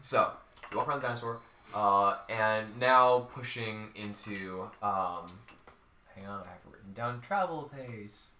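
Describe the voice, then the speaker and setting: A man runs a tabletop game with a bright, edgy voice. He narrates with halting ums and restarts. The sound is roomy, with the mic set back from him. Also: lowish voice, a little hiss or hum. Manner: hesitant, frequent ums while describing the scene. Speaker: game master. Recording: echoey room, distant mic.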